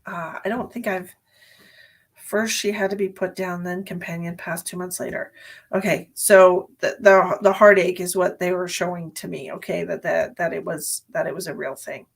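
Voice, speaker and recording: A woman's voice: lowish voice, steady tone, normal speed, creaky, breathy edge. A woman psychic medium giving a live-streamed reading, chatty and sleepy, thinking aloud with many fillers. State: sleepy, yawning.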